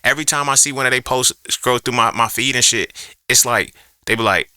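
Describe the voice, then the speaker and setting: A man's voice: medium pitch, quick pace, sharp tone, smooth, dry recording, clean studio sound. A man hosting a podcast alone, ranting in a profane, emphatic way and throwing out rhetorical questions in an unscripted monologue. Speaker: podcast host.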